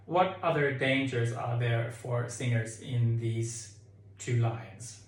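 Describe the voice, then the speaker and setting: Slow, echoey male choir director. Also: mid-range voice, faint music behind. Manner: explains calmly, sings phrases to demonstrate. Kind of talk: choir singing tutorial. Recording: echoey room with keyboard.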